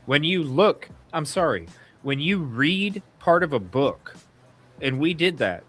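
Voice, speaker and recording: A man's voice: fairly high pitch, big pitch swings, slow, fairly bright tone, faint music behind. A man co-hosting a casual true-crime talk show, blunt and opinionated, swearing freely and restarting his sentences as he rambles. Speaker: podcast co-host.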